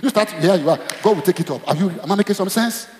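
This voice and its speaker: Nigerian pastor preaching, high lively voice jumping all over, echoey church hall. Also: male voice, fast talker, a little hiss or hum. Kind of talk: sermon.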